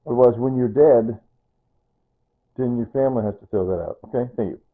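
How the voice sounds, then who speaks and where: A man's voice: medium pitch, fairly quick. An older man talking in a casual personal vlog, rambling and sentimental, often repeating himself. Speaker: vlogger. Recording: tinny phone-like sound.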